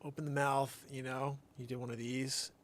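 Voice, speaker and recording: A man hosting a comedy show, telling a rambling tall tale that swings from shouts to mutters. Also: mid-range voice, moderate pace. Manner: animated storytelling, swinging between shouts and mutters. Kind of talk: rambling comic monologue.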